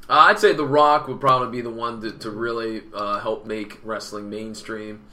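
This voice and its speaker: A man's voice: lowish voice, steady tone, normal speed, pushed and bright. A man in casual chat, telling a story animatedly and acting out the quotes.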